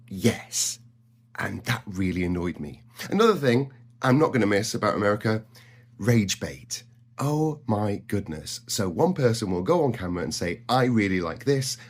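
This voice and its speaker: A man's voice: mid-range voice, husky. A man ranting casually to camera, chatty and exasperated, with some swearing. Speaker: content creator. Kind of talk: casual vlog rant.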